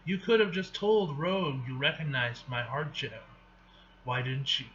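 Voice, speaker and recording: A man's voice: medium pitch, a little slow, fairly bright tone, close to an everyday voice. A man voicing a sly female goddess of thieves, smug and teasing, from a dull lo-fi recording. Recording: dull lo-fi recording with faint hiss.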